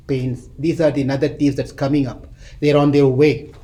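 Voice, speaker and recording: A man teaching a scripture class, chanting verses slowly and then explaining them as a story. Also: fairly high pitch, steady tone, mellow.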